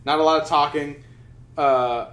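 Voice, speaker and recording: A man's voice: a little high, fairly even intonation, a little slow, a bit bright. A young man co-hosting a podcast, telling a rambling story in casual chat, full of restarts and swearing. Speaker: podcast co-host. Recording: roomy echo.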